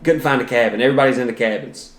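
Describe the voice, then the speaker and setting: A man in his thirties tells comic stories with profane, self-mocking exaggeration. His voice sits at a middle pitch and carries a noticeable room echo. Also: racing. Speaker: podcast host and comedian. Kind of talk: comedic storytelling monologue.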